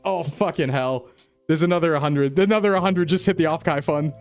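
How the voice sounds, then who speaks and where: A man chatting casually on a live stream, excitable and gushing with thanks, often breaking into laughter. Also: on the high side, moderate pace, soft background music.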